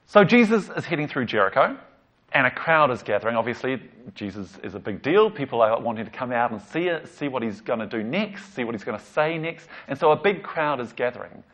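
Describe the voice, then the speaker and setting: A man, a pastor, preaching a conversational sermon and retelling a story with lively emphasis and casual asides. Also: medium pitch, a little fast. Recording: slightly dull lo-fi recording.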